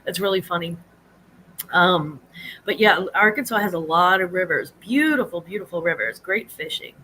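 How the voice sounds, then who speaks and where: A woman hosting a casual live chat, rambling easily and greeting her viewers in a high sing-song. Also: expressive, normal speed, bright, forceful tone, slight background noise, poor audio. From United States. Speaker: livestream host.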